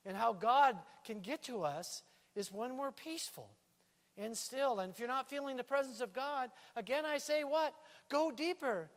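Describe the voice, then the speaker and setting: A male pastor preaching a sermon in a church, lively and playful, with a stage microphone. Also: extremely high pitch, normal speed. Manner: lively preaching with playful put-on island lilt. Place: church sanctuary. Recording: reverberant church hall.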